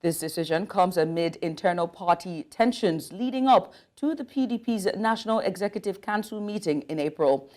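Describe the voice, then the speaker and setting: A woman's voice: lowish voice, lively intonation, moderate pace, hardly any pauses, a little mellow. A woman anchoring a news bulletin, reading stories and then interviewing a guest, with occasional slips and restarts. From Nigeria. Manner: reads with small slips and restarts.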